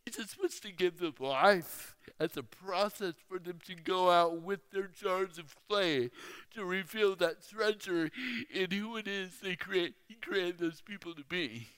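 A man preaching a sermon, telling a personal story slowly and with emphasis. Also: high-pitched, a bit bright, clear, resonant tone. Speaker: speaker. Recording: reverberant hall.

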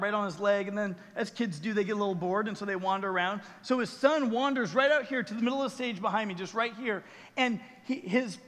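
A man's voice: sits high, fairly bright tone, long reverb tail. A man preaching a sermon as pastor on a church stage, telling a story earnestly and with emotion.

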